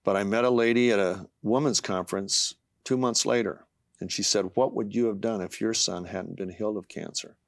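A middle-aged man, a guest author, earnestly tells a personal faith story in an interview, often halting with fillers and restarts. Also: on the low side, fairly even intonation, gravelly, dry recording, studio quality. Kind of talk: testimony in a talk-show interview.

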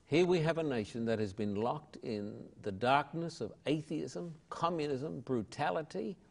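A man answering interview questions in an impassioned, preacherly way, slowing down to stress key words. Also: mid-range voice. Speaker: evangelist interviewee.

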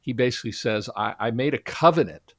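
A man's voice: mid-range voice, lively intonation, fairly quick, no echo, clean studio sound. A man giving a testimony in an interview, earnest and preacherly, often quoting scripture. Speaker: guest, Christian minister.

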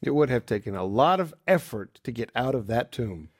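A man's voice: medium pitch, expressive, fairly quick, breathy edge. A man with a mid-range voice joins a casual talk. He chimes in with playful, chatty asides. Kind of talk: casual chat.

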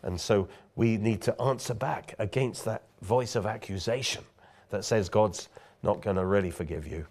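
A man's voice: normal speed, a little mellow. A man preaching a sermon, declaring bold answers to doubt with strong rises in emphasis. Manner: emphatic, declaring bold replies with rising pitch.

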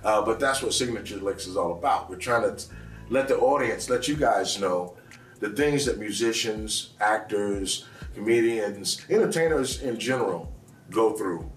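A man's voice: on the low side, moderate pace. A man hosting an interview, chatting casually and backing his guest up with short replies. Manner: relaxed, affirming interviewer. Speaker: show host. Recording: roomy sound from a distance, faint music.

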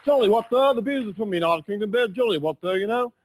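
A man doing stand-up, switching quickly between comic accent impressions. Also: high-pitched, lively intonation, background noise, pitched above the performer's own voice. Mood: jokey. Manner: rapid switches between put-on voices, jokey. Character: string of comic accent caricatures, male. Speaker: comedian.

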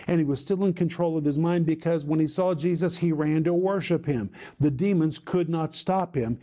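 Guy preaching through a bible passage, kinda high but mellow voice, hammers words by repeating them. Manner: emphatic, repeats phrases for stress. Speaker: Bible teacher. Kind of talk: preaching-style scripture teaching.

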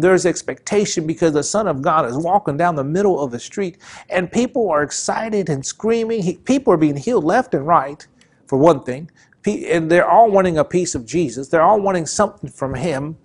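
A man's voice: high-pitched, a little mellow, husky. A man preaching a sermon, impassioned and repetitive, surging and dropping in emphasis as he drives each point home. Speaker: pastor.

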